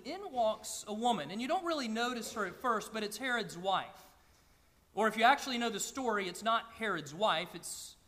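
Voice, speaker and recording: A man preaches from the pulpit in a high, ringing voice. He sounds earnest and often stumbles over repeated words as he works toward his point. His voice echoes with the long reverb of a large church hall. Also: sharp tone. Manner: earnest, with frequent stammered restarts. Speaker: pastor. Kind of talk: sermon. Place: church sanctuary with a congregation.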